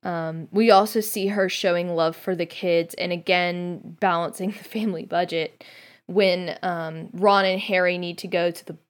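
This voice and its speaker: A young woman guest-hosting a podcast, talking in a thoughtful, soft-spoken way with a few fillers. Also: lowish voice, steady tone, normal speed. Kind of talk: casual reflective commentary.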